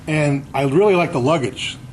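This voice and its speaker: A man's voice: a little high, normal speed, low-quality recording. A man, an author, giving a casual slide lecture to an audience, telling anecdotes and quizzing the crowd. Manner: chatty storyteller, quizzing the audience.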